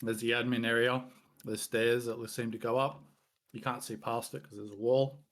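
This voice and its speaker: A man narrating as game master, describing scenes in a relaxed, loose way. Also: mid-range voice, moderate pace. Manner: relaxed, loose, many fillers.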